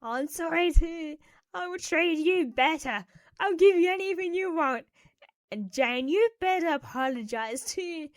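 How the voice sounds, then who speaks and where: A woman voicing a remorseful father in an animated story, apologizing through tears. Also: very high-pitched, a little slow, pitched above the performer's own voice. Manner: crying, pleading apology.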